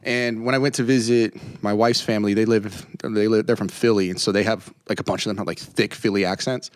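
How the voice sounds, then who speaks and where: A man's voice: fairly low pitch, fairly even intonation, fairly quick, no room sound, studio quality. A young man, a comedian guest on a casual podcast, who rambles, laughs often and mimics voices in his anecdotes.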